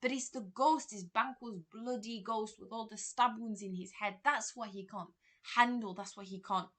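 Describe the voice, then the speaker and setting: A woman's voice: on the high side, fairly even intonation, moderate pace, a bit bright. A woman teacher and examiner, explaining a play in a revision lesson and paraphrasing quotes in plain words.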